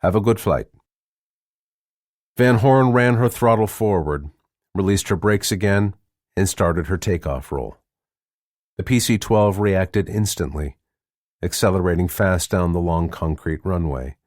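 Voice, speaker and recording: Male audiobook narrator, very low voice, measured delivery, dry studio read. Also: no room sound. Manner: measured, even storytelling. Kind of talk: scripted narration.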